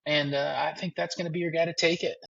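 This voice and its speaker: Husky guy, a bit high, talking golf on a muffled lo-fi line, hesitant but pumped. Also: flat delivery, quick pace, a bit bright. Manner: hesitant, enthusiastic. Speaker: golf guest. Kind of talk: casual sports chat.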